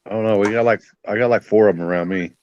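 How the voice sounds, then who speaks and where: Deep-voiced man with blunt jokes. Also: steady tone, racing, highs cut off. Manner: blunt, joking banter. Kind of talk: casual chat.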